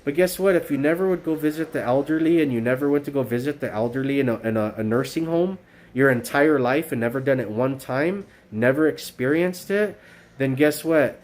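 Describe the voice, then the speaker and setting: A man's voice: mid-range voice, a little fast, a little mellow. A man livestreaming from his phone, talking earnestly in a rambling way, with lots of fillers, restarts and repetition. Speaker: streamer. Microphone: cell phone.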